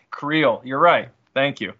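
A man's voice: mid-range voice, slow, sharp tone, no room sound. A man joining a tabletop game podcast remotely, teasing and giggly. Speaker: player. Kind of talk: casual tabletop game chat. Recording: dull dry remote mic.

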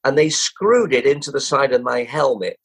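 A man's voice: medium pitch, normal speed, breathy edge, rough recording. An older man, a former jockey turned broadcaster, telling stories as an interview guest, acting out quoted voices and chuckling as he goes. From England. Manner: lively, acts out quoted voices, chuckles, restarts often. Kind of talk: anecdotal storytelling.

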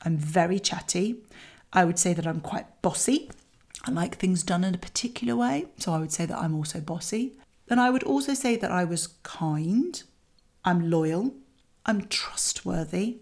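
A middle-aged woman, coaching parents in a chatty, candid way with lively asides. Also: on the low side, moderate pace. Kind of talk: talking to parents about a child exercise.

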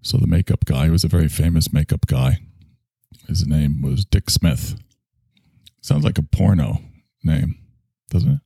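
A man's voice: very deep voice, moderate pace, vocal fry, pauses often, dark tone, breathy edge, no room sound. A man in his sixties who hosts a show, rambling through a crude, joking solo monologue that keeps trailing off.

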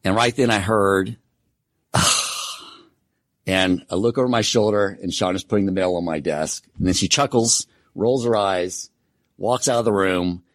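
A man's voice: sits low, normal speed, dry recording. A man teaching a Torah class in a casual, conversational way. He tells stories with self-deprecating humor.

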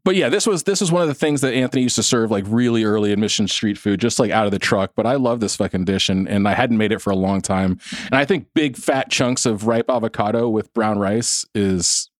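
A man's voice: lowish voice, brisk, no room sound, studio quality. A young man co-hosting a podcast in casual chat, laughing often and swearing offhandedly. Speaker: podcast co-host.

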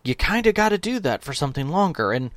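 A man's voice: a little high, very animated, fast talker, a bit bright, no echo. A man co-hosting a tabletop gaming podcast in casual chat, agreeable with lots of short backing replies. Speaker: podcast co-host and storyteller.

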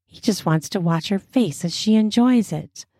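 A woman narrating a story in a slow, soft, intimate way. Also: mid-range voice, no room sound, studio quality. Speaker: storyteller and host.

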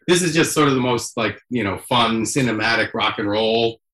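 A man chatting casually as a guest, telling stories in an animated way with lots of fillers and the odd swear word. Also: mid-range voice, moderate pace, a crowd in the background. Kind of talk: casual chat.

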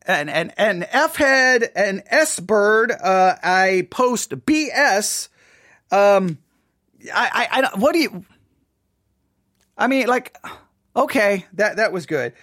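A man hosting his own podcast, telling a story in an animated, self-mocking way. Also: high-pitched, slow pace, pauses often, no room sound, clean studio sound. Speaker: podcast host. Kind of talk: casual monologue. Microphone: studio mic.

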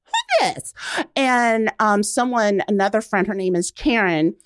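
A woman around forty, a guest on a casual radio interview, telling stories with lively acted-out quotes. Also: mid-range voice, moderate pace, smooth, no echo. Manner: animated storyteller, acts out quotes. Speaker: guest, blogger.

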